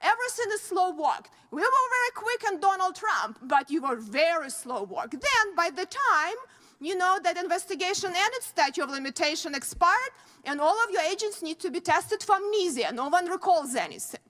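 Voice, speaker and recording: A woman with a strong Russian accent grills an official at a hearing. Her voice sits very high, and her phrasing is halting and blunt. She stays pointed and accusing throughout. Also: sing-song, sharp tone. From former Soviet Union. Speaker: lawmaker questioning an official. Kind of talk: hearing testimony.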